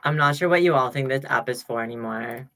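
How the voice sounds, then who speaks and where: A bright, forceful male-sounding voice delivers a heated, profane livestream rant. The talk is thick with "like" and sharp outbursts, recorded on a webcam mic at home. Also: mid-range voice, fairly quick. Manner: profane, heated, full of "like" fillers. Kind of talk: ranting livestream monologue.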